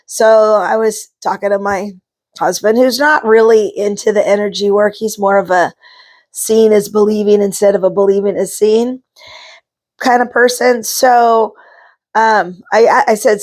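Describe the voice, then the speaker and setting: A woman's voice: medium pitch, fairly even intonation, a little slow, darkish tone. A middle-aged woman talking casually to camera, chatty and rambling, with frequent ums and asides. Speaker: vlogger, psychic card reader.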